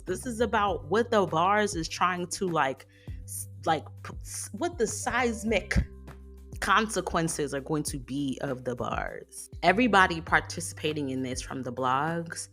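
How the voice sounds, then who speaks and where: A woman hosting a solo podcast, talking through a run of rhetorical questions in an animated, emphatic way. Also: low voice. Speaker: podcast host.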